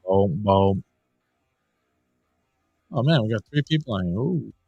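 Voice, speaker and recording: A man's voice: fairly low pitch, animated, unhurried, gravelly, warm tone, husky, no echo, dull audio, soft background music. A man co-hosting a podcast over a video call, talking loosely and joking with plenty of swearing. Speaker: podcast co-host. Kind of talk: casual chat.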